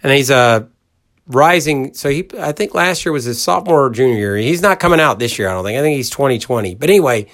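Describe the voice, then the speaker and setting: A middle-aged man hosts a casual sports podcast in a folksy, rambling manner. His voice sits at an ordinary mid pitch, and he hammers his points home as he talks straight to the audience. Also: lively intonation, fast talker, a bit bright. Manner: folksy, rambling storyteller who acts out quoted voices; emphatic, talks straight to listeners. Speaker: college football podcast host.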